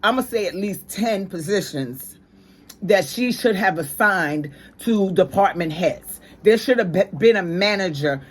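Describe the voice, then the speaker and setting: A woman's voice: medium pitch, lively intonation, measured pace. Opinionated New woman ranting. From New York. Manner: emphatic, slangy, ranting. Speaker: commentary channel host. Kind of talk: opinionated commentary.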